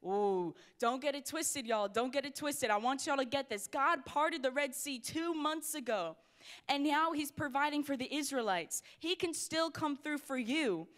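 A young woman preaching to a youth crowd with a bright, fairly high voice. She is energetic and playful, calling out to the room as she goes. Her delivery is conversational and full of asides. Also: moderate pace. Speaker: youth pastor. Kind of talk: youth sermon. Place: church hall before a youth crowd.

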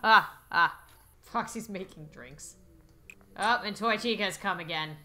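A woman's voice: medium pitch, sharp tone. A young woman narrating a life-sim game as a Let's Play host, playfully voicing her characters. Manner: playful, voices her characters in quick asides. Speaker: gaming YouTuber.

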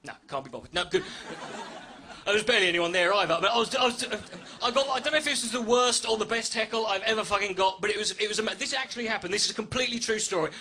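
A man's voice: sits high, rapid-fire, sharp tone. A man doing a stand-up comedy set on a club stage into a handheld mic, sardonic, sweary and self-mocking. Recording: echoey live venue with crowd laughter.

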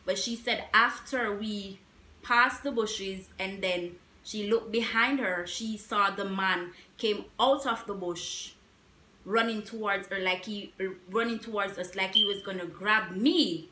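A young woman vlogger telling a story in a casual, animated way, repeating herself with emphatic asides. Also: medium pitch, unhurried. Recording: echoey room.

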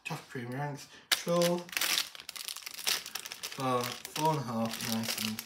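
A woman with a very deep voice and an unhurried pace runs through her grocery haul, naming items one by one with hesitant fillers. She sits a little away from the mic in an echoey room, with loud rustling and crinkling of shopping bags. It is a casual parent's haul. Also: heavy background noise. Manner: plain item-by-item listing with hesitant fillers. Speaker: parent vlogger. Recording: roomy distant mic with loud bag rustling.

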